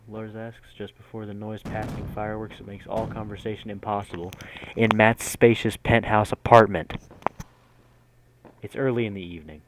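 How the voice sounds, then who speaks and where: A man's voice: on the low side, steady tone, moderate pace, slight background noise. A man streaming a visual novel, reading the narration aloud and breaking off with casual reactions. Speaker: gaming streamer.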